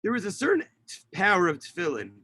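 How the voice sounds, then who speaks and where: A man's voice: high-pitched, huge pitch swings, quick pace, sharp tone, slightly rough, no echo. A rabbi teaching an online lesson over a video call, explaining and translating Hebrew lines as he reads them, with many fillers. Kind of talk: online lesson on Tisha B'Av kinot. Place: home setup on a video call. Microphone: video call mic.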